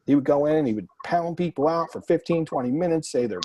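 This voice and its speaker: A man hosting a group Q&A, telling blunt, animated stories full of quoted dialogue. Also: on the high side, fast talker, a little hiss or hum, rough recording. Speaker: real estate investor and mastermind host. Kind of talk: casual group Q&A coaching.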